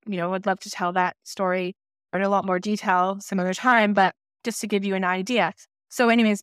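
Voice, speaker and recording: A woman's voice: mid-range voice, no room sound. A woman speaking in a middle register on a podcast, her voice close and dry with no room around it. She shares a personal story in a candid, conversational way. She slips into the voices of people from her memories as she goes. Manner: candid and personal, acting out remembered dialogue. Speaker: podcast co-host.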